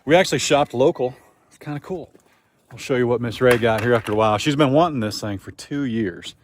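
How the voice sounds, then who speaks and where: A man with a medium-pitched voice talks fairly quickly over slight background noise. He's casually vlogging outdoors on his farm in a folksy way, narrating and using a singsong voice when he talks to his animals.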